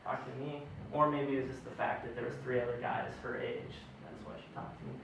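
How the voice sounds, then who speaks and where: A young man doing a stand-up story, animated and self-mocking, acting out the other people in it. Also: medium pitch, quick pace, creaky, noisy background. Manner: animated, self-mocking, acts out quoted voices. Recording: very echoey room, mic far off.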